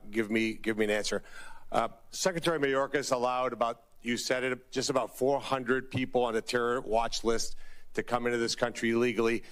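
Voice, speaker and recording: A man's voice: mid-range voice, fairly bright tone. A man questioning a nominee at a Senate hearing with pointed, leading questions.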